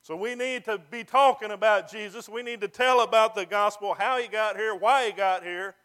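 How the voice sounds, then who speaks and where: A pastor preaches in a high, ringing voice. He builds phrases into emphatic calls and slows down to stress the words that matter. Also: fairly bright tone. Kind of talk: sermon.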